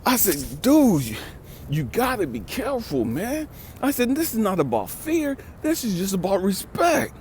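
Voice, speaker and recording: A man in his fifties tells a story in rough street talk, cursing and repeating lines for weight. His voice sits high for a man and swings widely up and down as he drives his point home. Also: wildly swooping pitch, normal speed, darkish tone, a little hiss or hum. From California. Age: 50s. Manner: emphatic, street-talking, repeats for stress. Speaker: life coach and vlogger. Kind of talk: profane storytelling monologue.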